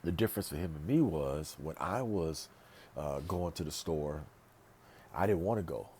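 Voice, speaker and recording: A man's voice: very deep voice, lively intonation, normal speed, darkish tone, slight background noise. A man vlogging in a casual monologue, emphatic and rambling, repeating phrases for stress. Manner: rambling, with restarts and asides. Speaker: pastor and vlogger.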